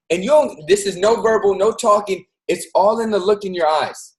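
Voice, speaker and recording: A man's voice: high-pitched, normal speed, few pauses, low-quality recording. A man hosting a show, giving an earnest, casual motivational talk straight to his listeners. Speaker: host.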